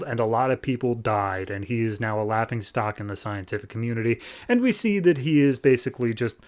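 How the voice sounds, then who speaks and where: A man hosting a podcast, recapping a comic book in a casual, animated and sarcastic way. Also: mid-range voice. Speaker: podcast host.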